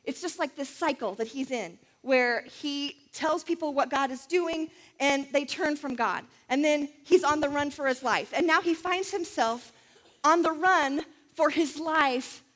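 A woman's voice: high-pitched, a little slow, fairly bright tone, in a large hall. A woman telling a Bible story in a chatty sermon, with many fillers and asides. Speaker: Bible teacher.

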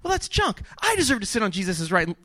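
A man's voice: high voice, wildly swooping pitch, quick pace, a bit bright, full character voice. A man voicing a boastful, jealous young male disciple who talks in a bragging, indignant way.

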